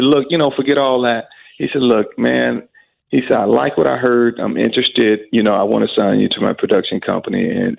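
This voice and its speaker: A middle-aged man, a singer, telling an animated story in an interview and acting out the voices of the people in it. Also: medium pitch, vocal fry, slightly rough. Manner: animated storyteller who acts out quoted voices. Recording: phone-like narrow audio.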